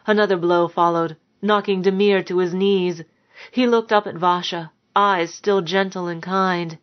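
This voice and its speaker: Low-voiced woman reading a dark story. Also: fairly even intonation, a little slow, lo-fi sound. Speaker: narrator. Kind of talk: audiobook narration.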